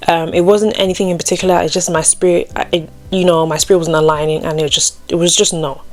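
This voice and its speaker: A woman's voice: lowish voice, steady tone, quick pace, faint music behind. A young adult woman telling a personal faith story in a casual, chatty way, full of "like" and "you know", raising her voice when she acts out what others said. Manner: acts out quoted people with a raised voice. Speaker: Christian storytime vlogger.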